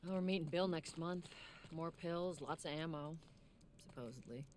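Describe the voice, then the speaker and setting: An actress playing a tough, no-nonsense female smuggler in a video game, with a brisk, commanding way of talking. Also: low voice, a little mellow, natural voice. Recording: game audio with background noise.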